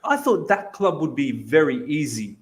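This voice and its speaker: Casting: young co-host, expressive voice that swoops up on questions, playful mockery. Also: male voice, on the high side, normal speed. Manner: questioning, mocking, laughs easily. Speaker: podcast co-host. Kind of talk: casual football chat.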